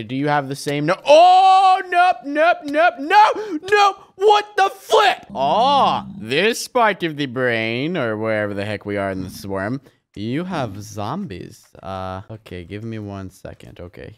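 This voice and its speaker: A young man giving excited, exclamation-filled commentary on a video game as its regular host. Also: mid-range voice, a little slow. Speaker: gaming YouTuber.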